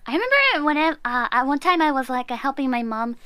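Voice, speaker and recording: A woman's voice: sits high, big pitch swings, fast, sharp tone, no room sound, studio quality. A woman chatting casually as a streamer guest, hesitant and searching for words. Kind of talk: casual chat.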